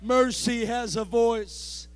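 A man preaching a sermon in church, building into a shouted, rhythmic cadence broken by "uh" between phrases. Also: very high-pitched, slow pace, clean tone, dry recording. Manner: speaks in tongues. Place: church sanctuary.

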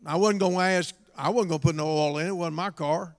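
A middle-aged man preaching a storytelling sermon in a church, dropping to a quiet telling voice and rising to shouts. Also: a little high, steady tone, fast talker. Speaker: pastor. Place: church hall. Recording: long hall reverb.

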